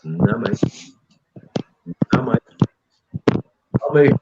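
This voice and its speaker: A young man, hosting a show and freestyling rap with rhythmic, streetwise delivery and hype calls. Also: extremely slow. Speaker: freestyle rapper and show host. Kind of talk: freestyle rap over a beat. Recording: dull lo-fi audio with loud beat.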